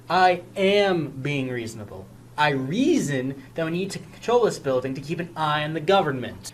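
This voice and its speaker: A student performing every role in a homemade audio drama, swinging between hushed lines and loud outbursts. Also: mid-range voice, lively intonation, fairly quick, few pauses, a little hiss or hum, rough recording.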